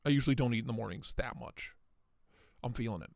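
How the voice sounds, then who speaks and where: A man's voice: medium pitch, fast talker, creaky, no echo, clean studio sound. A man hosting a casual livestream, joking and rambling as he greets viewers by name. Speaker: livestream host.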